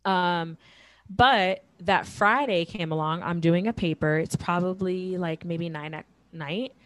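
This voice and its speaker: Woman, 30s, casual storyteller; lowish pitch, dry close mic, animated quoting. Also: unhurried, no room sound. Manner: animated, acts out quotes with big pitch jumps. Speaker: guest telling her proposal story.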